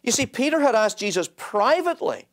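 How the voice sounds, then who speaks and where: A man's voice: very high voice, big pitch swings, fairly quick. A man preaching a sermon, emphatic and building to impassioned peaks.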